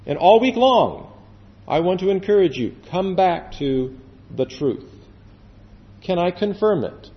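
A man preaching a sermon as pastor, earnest, stretching words for emphasis and dropping suddenly to a hush. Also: sits high, lively intonation. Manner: earnest, with slow drawn-out emphasis and sudden drops to quiet. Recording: dull echoey hall sound.

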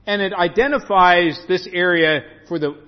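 Man preaching in a church hall; animated, acts out the story, muffled reverberant recording. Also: sits high, normal speed. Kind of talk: sermon.

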